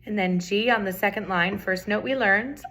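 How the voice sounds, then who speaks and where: A woman's voice: medium pitch, moderate pace, over loud music. A middle-aged woman teaching a recorder lesson, patiently repeating key points and chanting rhythms aloud. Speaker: music teacher. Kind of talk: recorder tutorial.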